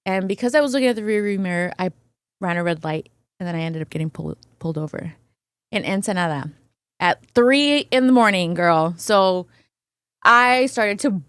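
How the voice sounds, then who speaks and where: In a smooth, mid-range voice at a moderate pace, this woman appears as a podcast guest, retelling a personal story conversationally. She plays out other people's voices with animation and keeps tagging on "right?", with no room sound in the recording.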